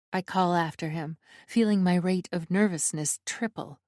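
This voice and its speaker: Brief: woman narrator, lowish voice, wry and expressive, dry close studio sound. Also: normal speed, no echo. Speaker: audiobook narrator. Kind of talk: first-person romance audiobook narration.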